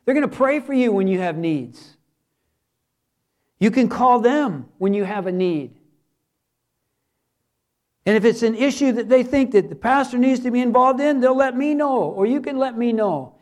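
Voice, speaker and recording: A man's voice: very high-pitched, normal speed. A man who is a pastor, preaching a sermon earnestly and repeating words for emphasis.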